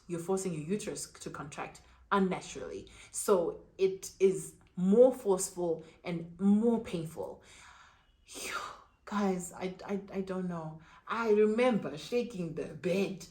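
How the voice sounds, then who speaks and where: A woman's voice: on the low side, darkish tone. Young woman, storytime vlog, dramatic retelling, casual slang. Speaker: vlogger.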